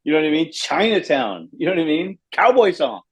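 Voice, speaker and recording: Middle-aged man from Los Angeles, husky voice, rambling anecdotes with lively acted quotes, casual interview guest. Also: on the high side, a little fast. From Los Angeles, USA. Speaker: bass player, guest.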